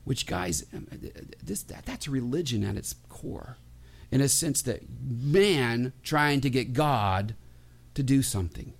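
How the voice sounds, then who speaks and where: A pastor preaching a sermon in a conversational, humorous way, with many restarts. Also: male voice, medium pitch, animated, a little slow, vocal fry, slightly rough.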